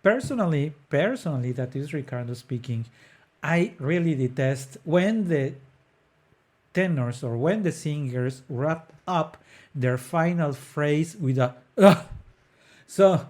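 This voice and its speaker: A man's voice: fairly high pitch, lively intonation, unhurried, darkish tone. A man hosting an opera podcast, explaining an aria earnestly with frequent hesitant fillers. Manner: breaks into sung phrases to demonstrate notes. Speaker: podcast host.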